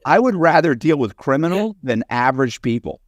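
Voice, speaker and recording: A man's voice: on the high side, lively intonation, a little fast, dry recording, clean studio sound. A man hosting a casual interview, talking animatedly and acting out other people's lines.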